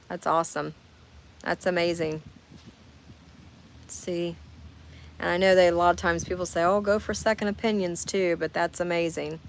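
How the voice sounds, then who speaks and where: Lady in her 40s doing a live chat, lowish gravelly voice, talks right to folks. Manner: chatty, talks straight to viewers. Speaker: livestream host reading comments. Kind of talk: casual chat. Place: camper while on a camping trip.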